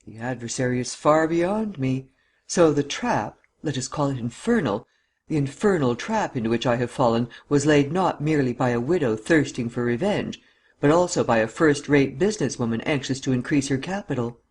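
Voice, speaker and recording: A composed gentleman thief , voiced by a man reading aloud, answers his captor with cool, polite sarcasm. His tone stays dry and unruffled. The voice has a plain middle pitch. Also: expressive, normal speed, breathy edge. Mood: sarcastic. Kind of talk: audiobook character reading.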